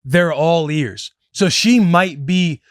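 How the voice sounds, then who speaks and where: With a fairly high voice and a slow pace, this thirtysomething podcast host hands out advice casually, referring to himself as "your boy" and to listeners as "boys." The studio recording has no room sound.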